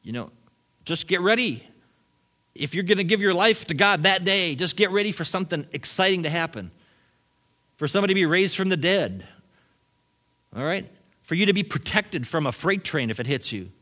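A middle-aged man, a pastor, preaching a sermon in a church, animated and shifting between loud emphatic points and quiet asides, with brief chuckles. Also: high-pitched, normal speed, long pauses. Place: church sanctuary.

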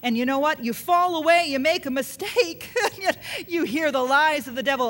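A woman's voice: sits high, lively intonation, unhurried, few pauses, a bit bright. A woman preaching a sermon, emphatic and repetitive, often putting questions to her listeners.

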